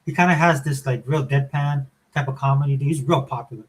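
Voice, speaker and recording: On a low-quality recording, a middle-aged man talks fast in a husky, mid-range voice. He's co-hosting a podcast, telling rambling stories full of fillers in a lively, casual conversation.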